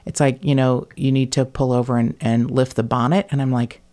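Woman, podcast host, casual chat; animated, blunt, swears freely, laughs mid-sentence. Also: extremely low pitch, a little fast, few pauses.

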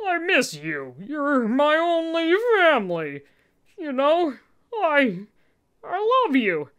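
A woman doing a halting, remorseful father. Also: high voice, huge pitch swings, fairly bright tone, voice pushed up, full character voice. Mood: pleading. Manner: halting, apologetic. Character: remorseful middle-aged father, pleading.

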